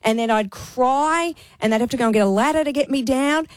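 A woman's voice: high voice, fairly quick, no echo, clean studio sound. A woman co-hosting a radio show, chatting frankly and giving blunt opinions. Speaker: radio co-host. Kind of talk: casual chat.

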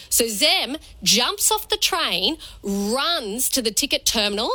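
A woman with an Australian accent, a radio producer, telling a story on air in a chatty, animated way and acting out what people said. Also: a little high, a little fast, few pauses, dry recording, poor audio. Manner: chatty, animated, acts out quoted lines.

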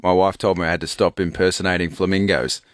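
A man's voice: deep voice, little pitch movement, fast talker, no echo, clean studio sound. An Australian man hosting morning radio, playful and repeating the callers' lines back to them. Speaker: radio host. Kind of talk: breakfast radio banter. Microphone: studio mic.

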